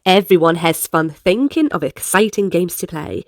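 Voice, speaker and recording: A woman reading picture books aloud to children in an animated, sing-song way. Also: on the low side, moderate pace, dry recording, clean studio sound. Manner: animated, sing-song, playful sound effects. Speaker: storyteller. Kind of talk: picture-book read-aloud for kids.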